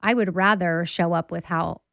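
A woman's voice: on the low side, normal speed, vocal fry, no room sound. Chatty woman cohost, laughs a lot, dry close mic. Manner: chatty, animated, laughs often. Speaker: podcast co-host. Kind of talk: casual chat.

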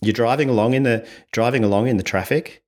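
A man's voice: medium pitch, fast talker. A man, a visiting communication coach explaining ideas step by step in an interview. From Australia. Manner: explains step by step, often tags with "right?", animated when acting out examples.

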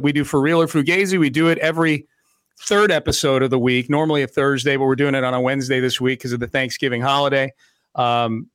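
A man's voice: mid-range voice, a bit bright, clean tone, no echo. A man hosting a sports talk show, talking casually with lots of fillers and restarts. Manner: conversational, many fillers and restarts. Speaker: sports radio host.

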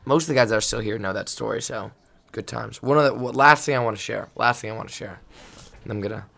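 Talking fast in a gravelly, fairly low voice, this man is a volleyball coach telling stories on a casual podcast chat. He's lively and meandering, frequently starting his sentences over.

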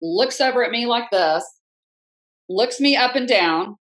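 A woman's voice: fairly high pitch, a little slow, low-quality recording. A woman in her fifties, a podcast guest, telling a personal story frankly and acting out what people said. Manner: animated, acts out quoted speech, frank. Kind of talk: conversational storytelling.

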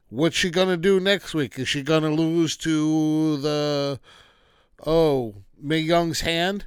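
A man's voice: on the high side, fairly even intonation, slow, clean tone, no room sound, studio quality. A man hosting a casual wrestling recap, ranting with exasperated, dismissive asides.

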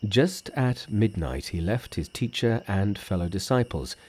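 A man narrating an audiobook in a measured, expressive storytelling manner. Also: on the low side, breathy edge.

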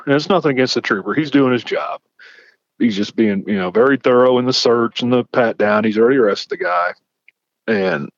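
A man's voice: mid-range voice, no echo. A man, a former police officer, telling traffic-stop stories in casual chat and acting out the dialogue. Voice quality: animated, acts out quoted dialogue. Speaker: podcast host, former police chief. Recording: dull lo-fi dry sound.

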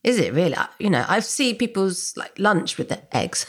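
A woman's voice: mid-range voice, big pitch swings, moderate pace, husky. A woman hosting a podcast, asking thoughtful conversational questions. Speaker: podcast host. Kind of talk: conversational interview.

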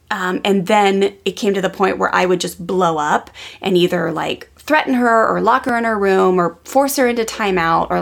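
A woman's voice: medium pitch, vocal fry. A woman in her thirties, a parenting coach telling a personal story in an earnest, casual way, full of "like" fillers.

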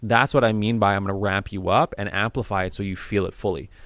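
A man with a low, gravelly voice co-hosts a casual podcast and talks things through in an earnest, reflective way, often pausing on fillers. His voice is recorded close and dry, with no room sound. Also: steady tone, a bit bright, dry recording. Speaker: podcast co-host.

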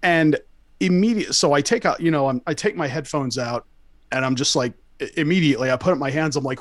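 A man's voice: a little high, a little fast, dry recording, clean studio sound. A young man telling a story casually to friends, rambling and profane, full of fillers and restarts. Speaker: storyteller guest.

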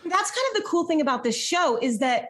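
Chatty woman with a slightly high voice. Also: brisk. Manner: relaxed, chatty, uses "like" a lot. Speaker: podcast host asking questions. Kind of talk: casual chat.

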